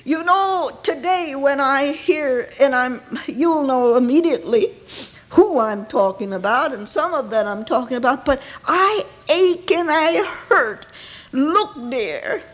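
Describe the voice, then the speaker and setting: High, swooping woman preaching slowly. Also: expressive. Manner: dramatic, swinging from hushed near-whispers to ringing cries. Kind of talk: emotional sermon. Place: church.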